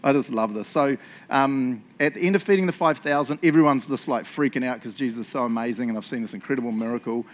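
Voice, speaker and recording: A man preaching a casual sermon, telling stories in an excitable, chatty way and laughing along. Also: mid-range voice, quick pace.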